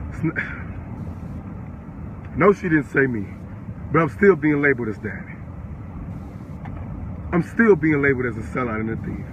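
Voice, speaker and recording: A man's voice: medium pitch, lively intonation, moderate pace, long pauses, lo-fi sound, a little hiss or hum. An eighteen-year-old man ranting on a live stream, furious and profane, firing the same questions again and again. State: upset and worked up. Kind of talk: angry live-stream rant.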